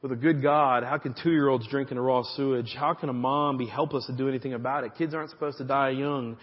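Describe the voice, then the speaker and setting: A pastor preaching a conversational sermon, with frequent direct asides to the congregation. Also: male voice, mid-range voice, fairly even intonation, fast, big-room sound, dull audio.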